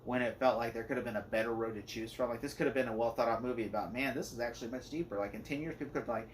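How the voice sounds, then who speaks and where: A man talks through a movie review in a loose, rambling rant, full of strong opinions and restarts. He leans on "like" over and over as he circles his points. His voice sits at an ordinary middle pitch for a man. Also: fairly even intonation, rapid-fire, a little hiss or hum. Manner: rambling and opinionated, heavy use of "like".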